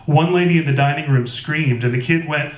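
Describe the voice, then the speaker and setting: A man, the author, reading his novel aloud live in a record store, in steady first-person narration. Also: on the high side, fairly quick, lo-fi sound. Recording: roomy store, distant mic.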